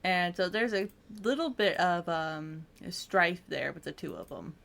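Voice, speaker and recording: A woman with a fairly low voice holds a relaxed chat about game lore. She wanders through her points, pausing on ums and restarting her sentences as she goes. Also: creaky. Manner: chatty and meandering, with frequent ums. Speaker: co-host of a video game lore channel. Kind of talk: casual chat.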